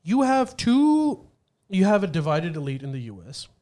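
A man with a somewhat high-pitched voice, talking casually as a podcast host. He lays out his points methodically and keeps restarting his sentences as he searches for words. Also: very animated, normal speed, warm tone. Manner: explanatory, methodical, hesitant restarts. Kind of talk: casual chat.

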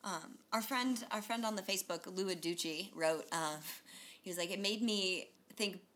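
A woman's voice: medium pitch, moderate pace. A woman co-hosting a podcast, chatting casually and jokily about a children's book, swearing now and then. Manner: animated, jokey, swears casually. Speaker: podcast co-host.

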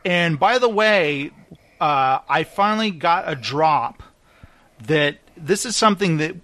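A podcast host chats casually, acting out movie lines with plenty of laughter as an animated storyteller. His voice is on the high side and he takes his time.

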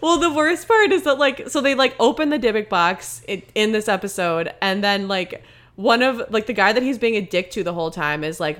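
A young woman chats on a podcast and tells a story in loose, rambling bursts, full of "like" and "um." Her voice sits at an ordinary middle pitch for a woman. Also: brisk, a bit bright. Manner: rambling, filler-heavy storytelling. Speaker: podcast co-host. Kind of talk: casual chat.

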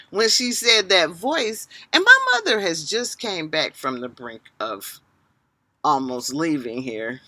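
Animated woman podcaster with a bright voice. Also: mid-range voice, measured pace, no room sound. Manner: animated storyteller, swings loud and soft. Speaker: podcast co-host. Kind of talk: casual podcast chat.

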